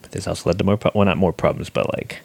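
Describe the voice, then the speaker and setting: A man's voice: sits low, rapid-fire, gravelly, a little mellow. A young man co-hosting a podcast, talking frankly and self-deprecatingly with his wife about their relationship. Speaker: podcast co-host. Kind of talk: candid couple chat.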